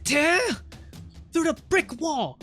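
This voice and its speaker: A streamer doing a shouting righteous anime hero. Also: sits high, very animated, slow, faint music behind, voice pushed up, heavily acted. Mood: heroic shouting. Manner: bold heroic declamation, yelled. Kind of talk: reading game dialogue aloud in a put-on voice.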